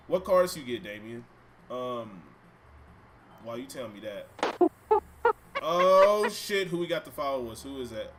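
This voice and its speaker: A man's voice: medium pitch, background noise. A man streaming himself playing a video game from a room at home, chatting and bantering with his viewers and swearing freely. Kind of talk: casual live-stream chat while playing. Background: game music.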